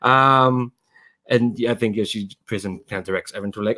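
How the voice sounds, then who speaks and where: A man's voice: lowish voice, moderate pace, bright, forceful tone. A man running a tabletop game as game master, rambling casually and often laughing.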